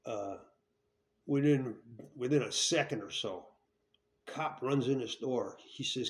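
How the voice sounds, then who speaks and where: A man's voice: medium pitch, normal speed. A man telling a hard story from his own past in a blunt, profane way. He rambles, restarts his sentences and keeps asking "right?". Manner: checks in with tag questions. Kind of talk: candid storytelling.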